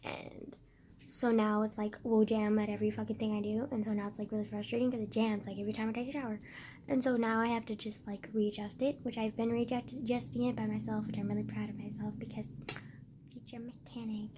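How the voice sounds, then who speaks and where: A woman's voice: medium pitch, little pitch movement, fast talker, background noise. A young woman vlogging in a casual, rambling way, swearing often and sometimes dropping into a whisper.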